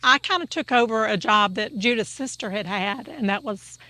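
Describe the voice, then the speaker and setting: A woman's voice: a little high, expressive, normal speed, sharp tone, no room sound. A woman, a longtime family friend, telling fond, light-hearted stories in a chatty way. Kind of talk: casual storytelling.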